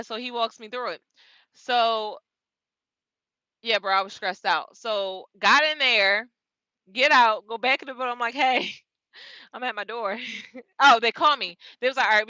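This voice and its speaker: A young woman, telling a casual story about her trucking day in an animated, slangy way, laughing often. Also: medium pitch, no room sound, highs cut off. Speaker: truck driver vlogger.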